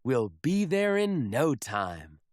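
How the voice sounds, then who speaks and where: A man's voice: mid-range voice, sing-song, slow, a little mellow, no room sound, studio quality. A man voicing a cool, laid-back male cat who captains a ship in a storybook, speaking in an easygoing, upbeat way. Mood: cheerful.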